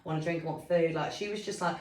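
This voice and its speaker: A woman's voice: deep voice, steady tone, fast, a crowd in the background. A young woman, co-hosting a podcast and telling a story in candid, casual chat full of swearing and fillers. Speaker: podcast co-host. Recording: roomy sound from a distant mic.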